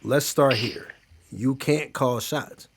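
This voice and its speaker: A man hosting an advice stream, interjecting with crude, animated comments. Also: mid-range voice, takes it slowly, a little hiss or hum. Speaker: host. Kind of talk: advice livestream chat.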